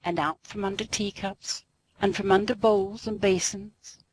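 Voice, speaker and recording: A woman narrating a classic storybook aloud in an expressive, sing-song way. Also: mid-range voice, measured pace, slight background noise, poor audio.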